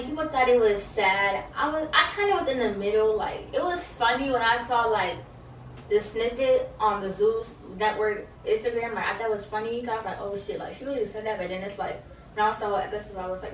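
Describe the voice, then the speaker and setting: A woman's voice: medium pitch, a little hiss or hum. A young woman recapping a reality show in a casual, slangy, chatty way, often quoting the cast. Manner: chatty, slangy, confused asides, quotes cast members. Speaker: reality TV reviewer. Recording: echoey room, mic at a distance.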